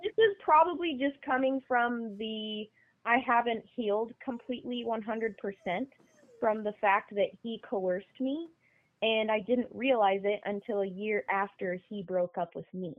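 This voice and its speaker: A woman's voice: on the high side, a little slow, dry recording. Woman guest calling in: blunt, emphatic opinions, tinny phone-line sound, dry. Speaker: podcast guest. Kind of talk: casual conversation. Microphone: phone call.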